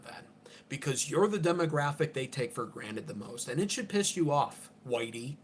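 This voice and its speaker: A man's voice: medium pitch, big pitch swings, moderate pace, slight background noise. A man under forty, hosting an unscripted political livestream in an abrasive, profane, ranting way.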